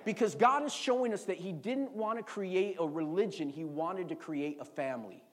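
At a moderate pace and high pitch, a middle-aged man preaches as pastor. He tells lively stories, repeats words often, and calls out for responses.

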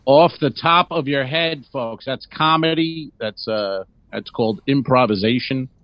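A man's voice: medium pitch, unhurried, no room sound. Teasing man on a dull, dry line. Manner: teasing, wry. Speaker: podcast co-host. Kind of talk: casual comedy podcast banter. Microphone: video call.

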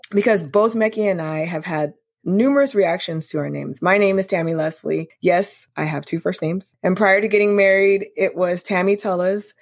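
A woman's voice: fairly low pitch, moderate pace, few pauses, dry recording, clean studio sound. A woman co-hosting a podcast, chatting casually and enthusiastically. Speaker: podcast co-host. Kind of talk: casual chat.

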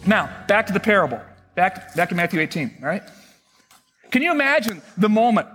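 Husky-voiced preacher man in his sixties. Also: sits high, big pitch swings, fairly quick, fairly bright tone, in a large hall, faint music behind. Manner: conversational preaching, rhetorical questions. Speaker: pastor. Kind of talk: sermon.

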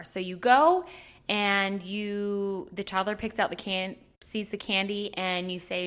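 A woman coaching in a casual, chatty way, playful and quick to laugh as she explains. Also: medium pitch, fairly bright tone. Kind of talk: casual teaching to camera.

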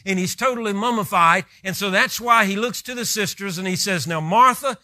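A man's voice: high voice, brisk, pushed and bright, dry recording, clean studio sound. A man preaching a sermon who retells scripture with vivid, rising emphasis.

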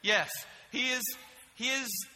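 A young man serving as a middle school pastor, giving an energetic, joking sermon and asking the group questions. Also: very high voice, takes it slowly, in a large hall, faint music behind, rough recording. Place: church youth room.

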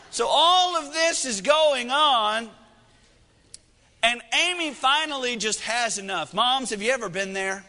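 A man's voice: very high voice, expressive, unhurried, sharp tone. A man in his thirties preaching a sermon, telling a family story in a folksy, joking, self-deprecating way. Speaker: pastor. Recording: echoey hall reverb.

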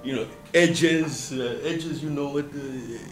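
A man's voice: medium pitch, takes it slowly, roomy sound, faint music behind, poor audio. A man in casual chat, telling a story with lots of fillers and restarts, switching into Swahili now and then. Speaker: podcast guest.

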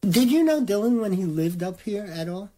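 A man's voice: high voice, sing-song, normal speed, warm tone. A man hosting an interview show, introducing clips with enthusiasm and hesitant links between them. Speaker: interview host.

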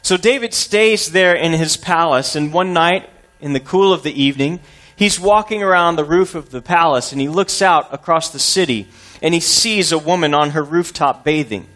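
A male pastor preaching a sermon, opening with a folksy story told in an animated way. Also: fairly high pitch, moderate pace.

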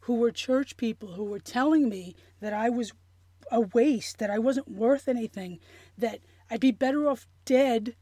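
A woman telling a personal story in an interview, earnest and emotional, halting with many restarts and fillers. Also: a little high, warm tone, no room sound, studio quality. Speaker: interview guest.

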